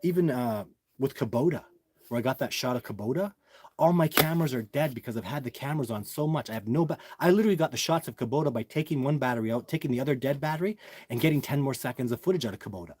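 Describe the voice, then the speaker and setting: A man's voice: medium pitch, fast, darkish tone, breathy edge, no echo. Emphatic man chatting on a livestream. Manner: emphatic, repetitive, addresses viewers as guys. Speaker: livestream host answering viewer chat. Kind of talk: casual livestream talk.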